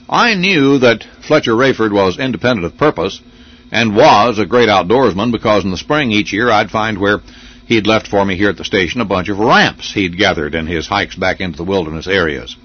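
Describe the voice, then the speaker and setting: An older man hosting a local radio program, reading his memories in a wry, unhurried storytelling way. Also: mid-range voice, slightly rough. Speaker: radio host. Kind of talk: scripted radio reminiscence. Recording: dull lo-fi radio recording.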